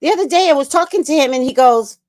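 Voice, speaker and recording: A woman's voice: sits high, expressive, fast talker, a little mellow. A middle-aged woman and grandmother hosting a casual livestream chat, talking bluntly with profanity and telling family stories. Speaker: livestream host.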